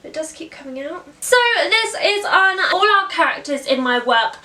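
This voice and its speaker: A woman's voice: very high-pitched, expressive, normal speed, pushed and bright, reverberant, far from the mic. A British woman explaining a costume tutorial step by step in a chatty way. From Britain. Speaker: costume character performer. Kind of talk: tutorial narration.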